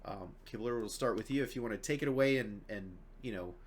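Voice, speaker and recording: A man hosting a casual podcast chat, chatty and laughing often, sometimes dropping to a low murmur. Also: fast, a little hiss or hum. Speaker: podcast host.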